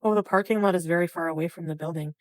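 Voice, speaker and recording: A woman's voice: on the low side, very fast, darkish tone, no room sound, rough recording. A woman livestreaming, chatting casually with her viewers and often laughing. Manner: chatty, reacts to chat names, laughs often. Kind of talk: casual chat with live viewers.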